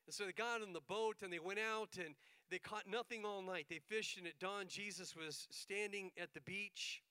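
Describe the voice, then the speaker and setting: A man's voice: high voice, normal speed, pushed and bright, smooth, no room sound, rough recording. A middle-aged male pastor telling a story in a sermon, acting out the dialogue as he goes.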